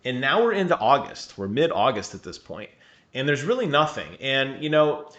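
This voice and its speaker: A man co-hosts a video game podcast from a remote call, chatting casually. His voice sounds bright and forward. He gets animated, laughs easily and keeps firing questions at his partner. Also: mid-range voice, normal speed, muffled recording. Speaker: podcast co-host. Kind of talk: casual chat. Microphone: remote call mic.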